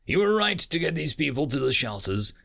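A man voicing a grim, practical human space captain who briefs in a brisk tone. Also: a little high, big pitch swings, creaky, a bit bright, heavily acted.

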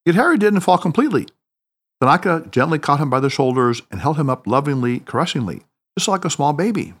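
Expressive male audiobook narrator. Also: fairly high pitch, quick pace, slightly rough. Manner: expressive, dramatic reading. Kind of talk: scripted storytelling narration.

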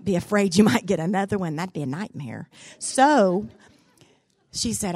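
A woman's voice: mid-range voice, expressive, normal speed, a little mellow, slightly rough, dry recording. A middle-aged woman giving a sermon, telling a personal story and asking the room direct questions. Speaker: speaker at a church gathering.

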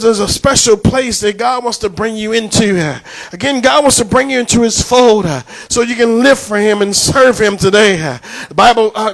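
A middle-aged man with a New York accent preaching a sermon in church, building from musing talk to shouted refrains, with many "uh" fillers. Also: high-pitched, rough recording. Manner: preaching with rising, shouted passages and repeated refrains; frequent "uh" fillers and restarts. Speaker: pastor.

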